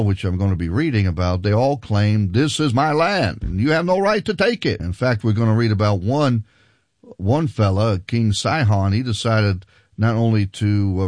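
A male preacher delivers an emphatic sermon with a lowish voice. He moves between scripture reading and pointed commentary, and his intensity rises as he drives his points home. The sound is dry and close, with almost no room echo. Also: darkish tone.

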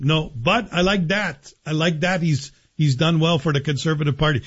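A man hosting a talk radio show, delivering a sarcastic, joking monologue in a husky voice. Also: fairly high pitch, normal speed, few pauses, muffled recording.

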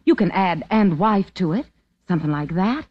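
A woman's voice: lowish voice, expressive, moderate pace. A scheming young American woman in an old radio play. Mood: earnest. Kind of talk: old-time radio drama acting. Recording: dull lo-fi vintage radio broadcast.

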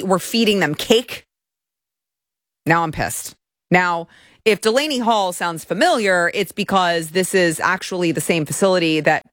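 A woman hosting a political commentary show, talking in a sarcastic, indignant, animated way. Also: fairly low pitch, dry recording, clean studio sound.

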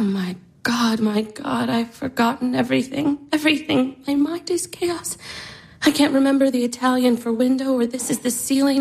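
A woman's voice: a little high, vocal fry, darkish tone, slightly rough, low-quality recording. An actress in her twenties playing a despairing young woman, anguished, sighing and whispering. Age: 20s. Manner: anguished, breaking into sighs and whispers. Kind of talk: stage drama acting.

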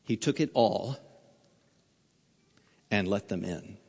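A man preaching a sermon as a pastor, telling a story slowly and earnestly, sometimes dropping to a near hush. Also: on the low side, vocal fry, husky. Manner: slow, earnest storytelling with wide swings in loudness. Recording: long hall reverb.

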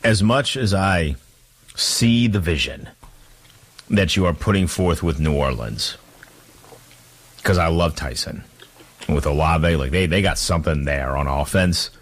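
A man co-hosting sports talk radio in a relaxed, joking way. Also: low-pitched, measured pace, pauses often.

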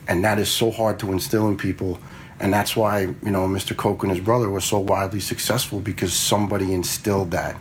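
Blunt, low-voiced man in his forties. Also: steady tone, a little fast. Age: 40s. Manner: blunt, quotes himself in anecdotes. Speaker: retired fire lieutenant. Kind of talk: casual storytelling.

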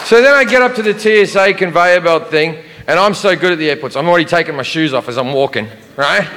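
A man from Australia with an Australian accent, telling a stand-up story in a fast, profane, conversational way. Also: on the high side, bright, forceful tone, long reverb tail. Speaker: stand-up comedian.

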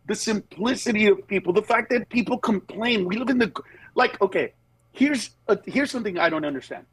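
A man's voice: high-pitched, fairly quick, breathy edge. A middle-aged male comedian on a phone call, telling stories and acting out other people's voices in a casual interview. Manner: animated storytelling, acts out voices of others. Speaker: comedian guest. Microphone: phone with Bluetooth.

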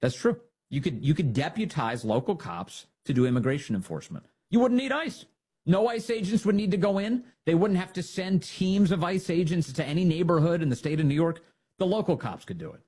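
Sarcastic, husky-voiced male talk host. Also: fairly high pitch, expressive, brisk, mellow. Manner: sarcastic, mocking, acts out quoted voices. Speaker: political commentary host. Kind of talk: opinionated political talk monologue.

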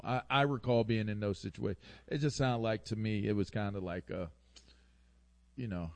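A man's voice: lowish voice, fairly even intonation, moderate pace, a little mellow. A man co-hosting a casual sports talk show, rambling with laughs and stammered restarts.

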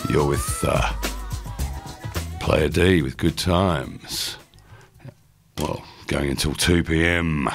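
Very deep-voiced male radio DJ. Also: steady tone, very slow, long pauses, soft background music. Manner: chatty, rambling, with frequent fillers. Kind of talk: casual radio presenting.

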